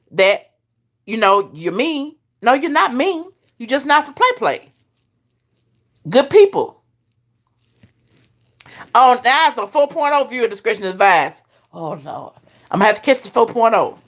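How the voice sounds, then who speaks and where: A woman hosting a casual live chat, talking straight to her viewers and laughing often. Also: fairly high pitch. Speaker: live stream host.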